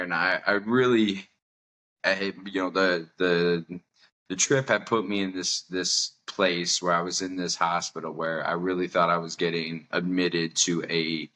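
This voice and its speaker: A man's voice: sits low, sharp tone. A young adult man hosting a podcast, telling a candid personal story with a self-mocking tone and frequent laughter. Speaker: podcast host.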